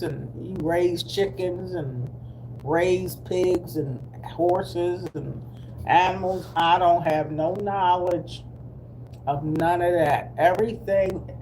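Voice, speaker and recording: A woman's voice: lowish voice, dark tone, slight background noise. A middle-aged woman from Delaware chatting casually with her viewers in a drawling, easygoing way. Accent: Black American English. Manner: chatty, slow and drawling, with laughs and asides. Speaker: vlogger. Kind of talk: casual live chat with viewers.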